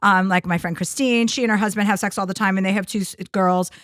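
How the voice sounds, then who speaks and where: A woman's voice: mid-range voice, fairly even intonation, fast, fairly bright tone, no room sound. A middle-aged woman hosting a podcast in a studio, talking frankly and bluntly and swearing freely. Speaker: podcast host. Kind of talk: casual chat.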